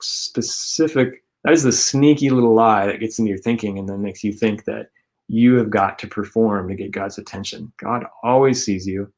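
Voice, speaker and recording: A man co-hosting a casual faith talk show, speaking earnestly and rambling with many fillers. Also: fairly low pitch. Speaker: co-host.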